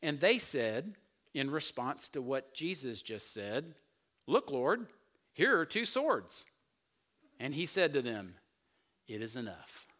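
A man's voice: medium pitch, takes it slowly, long pauses. A man preaching a sermon, reading scripture and acting out the voices of the disciples, sometimes dropping to a near whisper for emphasis. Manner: animated, acts out voices of the disciples. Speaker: pastor.

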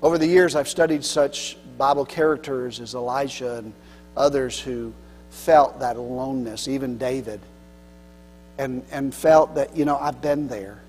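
A man pastor preaching a sermon earnestly, swinging between loud emphasis and soft, low passages. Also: moderate pace, soft background music. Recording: long hall reverb with mains hum.

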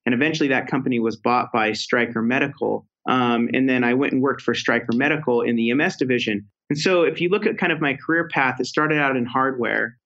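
A man's voice: mid-range voice, fairly bright tone. A man telling his career story as a podcast guest, with a loose, rambling way of talking full of fillers and restarts. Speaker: podcast guest, product executive. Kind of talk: conversational interview storytelling. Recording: slightly dull lo-fi audio.

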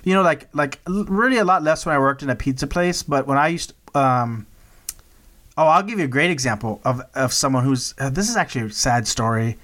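A man's voice: mid-range voice, animated, a little fast, fairly bright tone. A man co-hosting a podcast in casual chat, joking and rambling through stories. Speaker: podcast co-host.

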